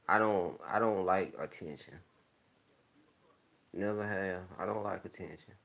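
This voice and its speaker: A man hosting his own YouTube channel, telling stories to viewers in a relaxed, rambling way with plenty of slang. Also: deep voice, measured pace, gravelly. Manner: laid-back, rambling storytelling with slang. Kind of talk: casual talk to viewers.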